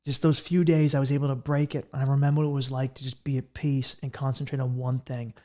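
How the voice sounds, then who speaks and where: Guy ranting on his podcast, swears a lot, talks fast, does goofy mocking voices. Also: mid-range voice, little pitch movement, warm tone. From Massachusetts. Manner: profane, fast-talking, jumps into mocking voices. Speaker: podcast host. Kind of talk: solo comedic rant.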